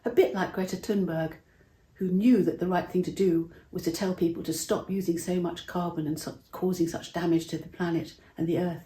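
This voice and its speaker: A woman telling a Bible story to children in a gentle way, asking her listeners questions. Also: lowish voice, steady tone, fairly quick. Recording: roomy echo.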